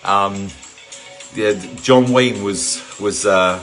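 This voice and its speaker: A man's voice: fairly low pitch, steady tone, very slow, a bit bright. Upbeat chatty man from England. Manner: upbeat, chatty, greets viewers by name, jokes. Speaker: fitness instructor hosting a live session. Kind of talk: casual live-stream talk to viewers. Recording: faint music in the background.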